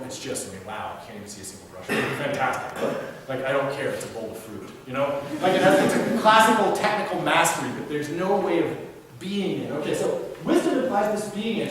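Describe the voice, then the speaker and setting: A man's voice: fairly high pitch, fairly bright tone. A man, a philosophy professor, giving a live lecture in a hall and often checking that the audience follows. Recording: echoey hall, distant mic, faint noise.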